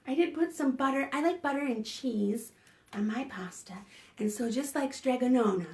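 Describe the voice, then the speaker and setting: A woman children's librarian leading a preschool storytime, animated and playful, gasping and chanting sing-song rhymes for small children. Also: high-pitched, moderate pace.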